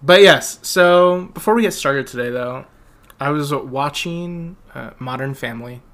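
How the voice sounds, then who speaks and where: Young man, casual podcast chat, rambling storyteller, mid-pitched voice. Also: a little slow, a bit bright. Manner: rambling storyteller, laughs often, acts out quotes. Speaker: podcast co-host.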